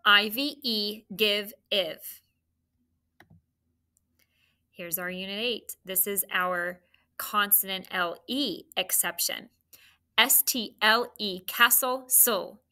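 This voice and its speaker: Slow woman teacher drilling sounds. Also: medium pitch, pushed and bright. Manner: clear, step-by-step sound drilling. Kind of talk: phonics drill for children.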